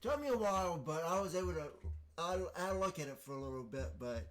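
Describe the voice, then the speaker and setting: A man's voice: fairly high pitch, lively intonation, brisk. Man musing aloud with frequent fillers. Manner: hesitant, many fillers and restarts, thinking aloud. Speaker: podcast host. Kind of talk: casual explanatory monologue.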